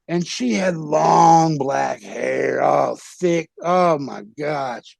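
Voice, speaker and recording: A man's voice: a little high, very slow, creaky, darkish tone, no room sound. A man, a former pro wrestler, telling rowdy, profane stories in a casual interview and laughing at his own pranks.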